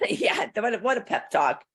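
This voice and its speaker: A middle-aged woman co-hosting a podcast in casual chat, with wry, joking remarks and quick interjections. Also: a little high, wildly swooping pitch, creaky, breathy edge. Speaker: podcast co-host.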